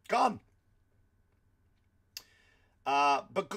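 A man's voice: sits high, measured pace, long pauses, pushed and bright. An Irish man, a stand-up comedian hosting his podcast, ranting sarcastically with profanity and restarts. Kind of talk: comedic rant monologue.

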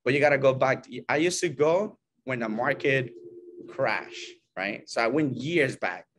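A man at a mid-range pitch teaches a small group of agents how he wins listings. He talks loosely and animatedly, slipping into little acted-out exchanges with clients. He keeps tagging his points with "right?" and "you know?". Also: expressive, measured pace, a bit bright, a little hiss or hum. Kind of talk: casual coaching talk to a small group.

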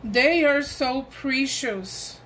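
Slow-talking woman, gushing over a gift, voice a bit high. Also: a bit bright, slight background noise, rough recording. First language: Spanish. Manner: gushing, exclamatory, enthusiastic. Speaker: crafting vlogger. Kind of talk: gift unboxing chat.

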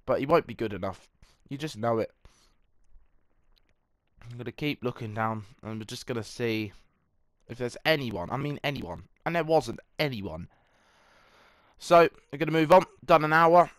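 His voice is mid-range, animated and fairly bright, moving at normal speed with long pauses and no echo. He's a young gaming creator chatting through a football management game, self-deprecating and breaking into mock commentary.

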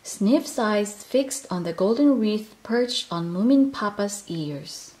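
A woman reading a children's picture book aloud in a gentle, expressive way. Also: mid-range voice, takes it slowly. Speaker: storyteller.

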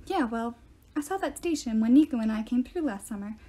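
A woman's voice: a little high, expressive, brisk, warm tone. A woman voicing an eager young girl who explains things plainly and confidently.

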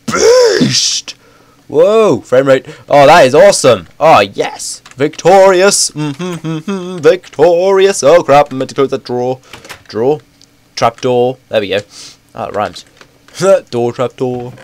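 A young man with a cold, rambling and excitable as he comments on his own gameplay. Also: mid-range voice. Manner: excitable, rambling, self-correcting. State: stuffy with a bad cold. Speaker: gaming YouTuber. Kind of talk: casual game commentary.

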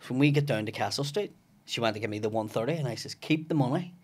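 A man's voice: medium pitch, quick pace. A man with a Belfast accent chats in a podcast studio. He is a comedian telling stories, and he curses constantly. He acts out every line of dialogue in his tales. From West Belfast, Northern Ireland. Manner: swearing, animated storyteller acting out dialogue. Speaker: comedian guest. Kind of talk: casual podcast chat.

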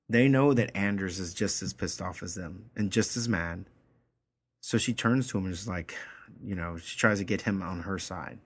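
A man's voice: low-pitched, normal speed, fairly bright tone, husky. A man teaching a story, reading it aloud line by line and then explaining it in a casual way, often checking in with his listeners.

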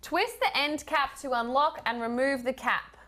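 A woman's voice: high voice, normal speed, fairly bright tone. A woman co-hosting a casual live-streamed show, bubbly and reading product instructions aloud. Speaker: co-host.

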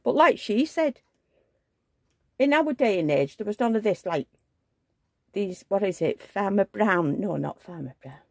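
A woman's voice: medium pitch, lively intonation, measured pace, long pauses, darkish tone, dry recording, clean studio sound. An older woman, telling rambling, chatty stories on her vlog. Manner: rambling, chatty storytelling with asides. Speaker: vlogger. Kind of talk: casual chat.

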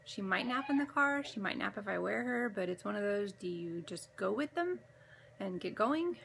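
A woman's voice: mid-range voice, lively intonation, normal speed, creaky, background noise. A young woman chatting casually in a home vlog as a mother, rambling along with plenty of ums. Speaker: mother vlogging about her baby.

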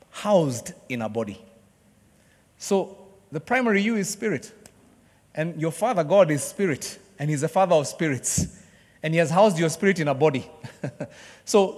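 A man preaching a sermon to a church congregation, joking with the crowd and acting out excited sports fans. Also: a little high. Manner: lively, jokes with the congregation, acts out excited fans. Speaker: pastor. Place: church hall. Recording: long hall reverb.

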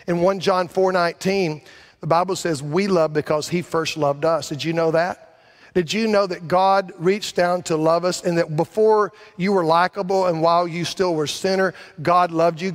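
Man preaching in an echoing sanctuary. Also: on the high side. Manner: conversational preaching with rhetorical questions, rising to emphatic peaks. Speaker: pastor. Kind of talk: sermon. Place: large church sanctuary. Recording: long hall reverb.

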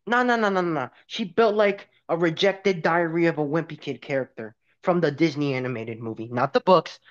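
A young man guesting on a crude comedic roast, mocking cartoon characters. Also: on the high side. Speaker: guest co-host. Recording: dull lo-fi mic.

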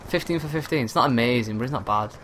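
Young gamer, hushed late-night commentary with a mid-pitched voice, noisy game audio. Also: male voice, fast. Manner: kept quiet and low, swearing at other players. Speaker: gaming commentator. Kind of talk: live gameplay commentary. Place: at home at night. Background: gunfire from the game.

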